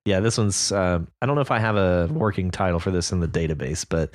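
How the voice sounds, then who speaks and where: A man co-hosting a writing podcast, talking over listener stories in a relaxed, agreeable way with lots of fillers. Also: low-pitched, fast. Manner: laid-back, agreeable, many fillers. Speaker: podcast co-host. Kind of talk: casual discussion of listener stories.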